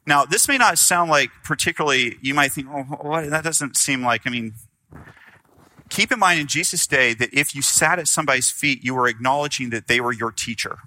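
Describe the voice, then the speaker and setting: Middle-aged pastor guy preaching, super bright voice, chatty and animated. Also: mid-range voice, brisk, low-quality recording. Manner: animated, conversational preaching with acted-out quotes. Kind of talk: sermon.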